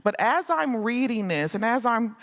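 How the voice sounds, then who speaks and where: A woman artist leading a gratitude meditation with a slow, lulling, repetitive delivery at a symposium. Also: a little high, lively intonation, a bit bright. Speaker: artist speaker. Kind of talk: guided gratitude meditation talk. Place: large hall at a symposium. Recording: long reverb of a large hall.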